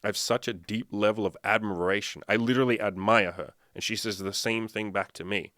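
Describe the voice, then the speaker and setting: A man's voice: fairly low pitch, fairly even intonation, fairly quick, fairly bright tone, no room sound, studio quality. Profane, emphatic young male coach. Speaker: dating and self-improvement coach. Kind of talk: casual monologue to camera.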